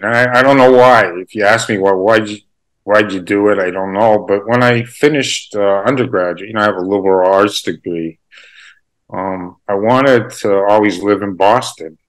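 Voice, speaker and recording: A man from Canada speaking as a guest on an interview show. His voice is slightly low, and he tells his story in a rambling, self-deprecating way, laughing often. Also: a bit bright, poor audio. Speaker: journalist guest. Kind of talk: casual interview conversation.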